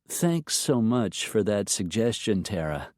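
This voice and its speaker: Male narrator voicing a dry, patient young mom, slow and understated, audiobook. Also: fairly low pitch, sing-song, no echo. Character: patient, wry young single mother.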